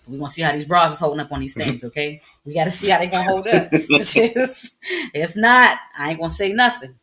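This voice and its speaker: A woman co-hosting a casual chat podcast. She talks in an animated, joking way and often breaks into laughter. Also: low voice, fast. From United States. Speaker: podcast co-host.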